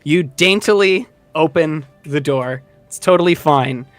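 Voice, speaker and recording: A man's voice: fairly high pitch, unhurried, a bit bright, dry recording, soft background music. A man narrating a tabletop game as game master, casual and rambling with many fillers.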